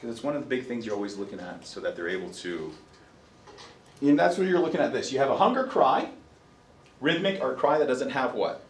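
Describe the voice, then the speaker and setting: A man's voice: medium pitch, brisk, recorded from a distance. A man lecturing a college psychology class, telling stories, acting out his own reactions and quizzing students. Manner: lively storyteller, acts out his own reactions, asks the class questions. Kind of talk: animated classroom lecture with anecdotes. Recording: echoey classroom.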